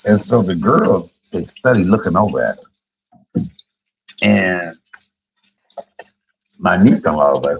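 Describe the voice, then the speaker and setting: A middle-aged man, a comedian, telling profane, joking stories on a casual livestream and jumping high in pitch when he quotes people. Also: a little slow, creaky, pauses often, lo-fi sound, a little hiss or hum. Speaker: comedian and YouTube cook.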